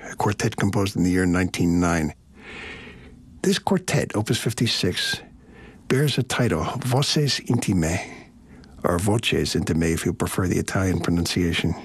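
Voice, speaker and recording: A man's voice: on the low side, husky, no echo. A man hosting a classical music radio program, explaining the pieces in a conversational, storytelling way. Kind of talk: scripted radio presentation.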